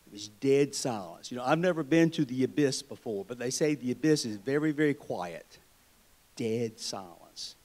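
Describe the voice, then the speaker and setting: A man's voice: medium pitch, lively intonation, fairly quick, few pauses, a little mellow. Southern man, state treasurer, convention speech, folksy and wry, mid-range voice. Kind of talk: political speech with folksy storytelling. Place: convention hall.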